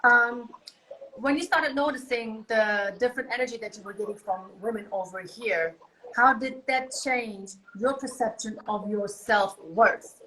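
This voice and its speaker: A woman hosts a casual live chat with her husband, animated and emphatic. Her voice is bright and forceful, with a pitch a little above average for a woman, and she leans hard on each point. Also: a little slow, low-quality recording. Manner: animated and emphatic, acts out her own reactions. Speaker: host of a live stream. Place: Germany.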